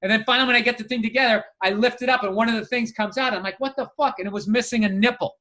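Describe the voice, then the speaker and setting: A man co-hosting a podcast in casual chat, telling stories in an animated way, swearing and acting out what people said. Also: sits high, racing. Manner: animated storyteller, swears a lot, acts out voices. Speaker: podcast co-host.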